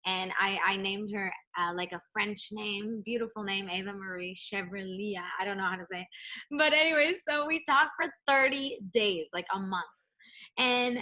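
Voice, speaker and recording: Young woman, bright voice, animated storyteller, acts out quotes, casual interview from home. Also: high-pitched, normal speed. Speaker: pop singer, guest. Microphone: home setup, remote interview.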